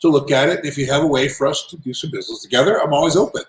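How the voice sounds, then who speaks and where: A man's voice: fairly high pitch, racing, lightly acted. A man doing a cheery British tycoon. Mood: friendly. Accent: London, put on badly. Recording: roomy echo.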